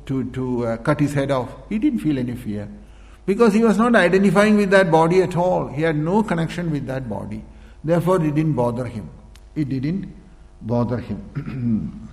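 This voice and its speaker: A man giving a spiritual discourse, repeating points, posing rhetorical questions and often clearing his throat. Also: on the high side. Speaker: spiritual teacher. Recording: echoey hall with long reverb.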